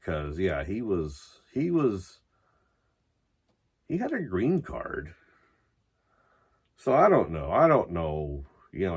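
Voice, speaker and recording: Drunk rambling man with a husky voice. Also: fairly low pitch. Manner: rambling, loose, swearing, restarts often. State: drunk and high. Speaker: metal vlogger. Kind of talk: rambling casual vlog.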